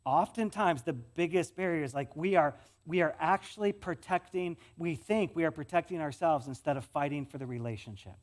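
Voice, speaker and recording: A male pastor with a West Michigan accent preaches a sermon conversationally, often repeating words and swinging between loud and soft passages. His voice sits on the high side, and he talks briskly with few pauses.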